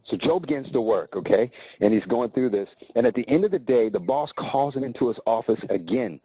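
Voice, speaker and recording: A man's voice: medium pitch, expressive, a little fast, dark tone, slightly rough, no room sound, rough recording. A man telling a motivational story in a conversational way, often checking in with tag questions.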